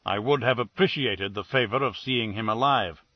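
A man's voice: lowish voice, moderate pace, dry recording, close to an everyday voice. A man playing a ponderous, pompous detective who weighs every word in long formal sentences. The audiobook sound is dry and a little dull. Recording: dull, dry studio read.

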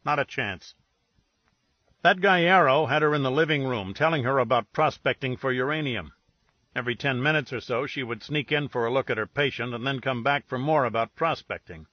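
A man voicing a blunt, crude middle-aged man with a sore jaw, speaking in a breathy baritone. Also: fairly quick, no room sound, close to an everyday voice. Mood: brash. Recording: dull lo-fi recording.

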